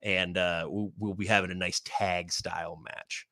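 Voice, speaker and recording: A man's voice: low voice, level tone, unhurried, sharp tone, no room sound, studio quality. A man co-hosting a casual wrestling livestream, rambling cheerfully through plugs and schedules. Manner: upbeat, rambling plugs with laughs. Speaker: podcast co-host and wrestler.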